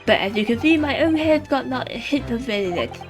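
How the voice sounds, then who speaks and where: A woman's voice: a little high, animated, fairly quick. A woman voicing a brash, defensive male street peddler from London. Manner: blustering, defensive. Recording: game music playing behind.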